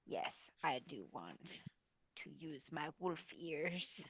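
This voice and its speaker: Bright, joking woman player, dry sound. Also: deep voice, big pitch swings, slow, husky, no room sound. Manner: joking, laughs often. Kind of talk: playing a tabletop game.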